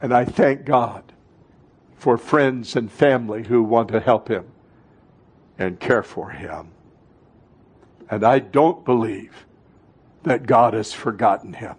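A man in his sixties preaching a sermon to a congregation in a church, impassioned, swinging between fervent outbursts and hushed, intimate moments. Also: medium pitch, slow pace, long pauses, breathy edge. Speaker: pastor.

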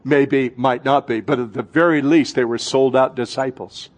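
A man preaching a fervent sermon as pastor, swinging between loud, urgent lines and hushed ones. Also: mid-range voice, fairly even intonation, normal speed.

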